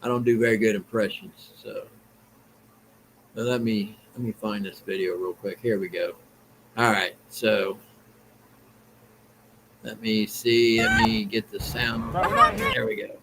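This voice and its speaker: A man's voice: on the low side, fairly even intonation, unhurried, long pauses, noisy background. A man with a Southern US accent hosting a vlog, giving blunt, rambling opinion commentary in a plain-spoken way. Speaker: vlog host.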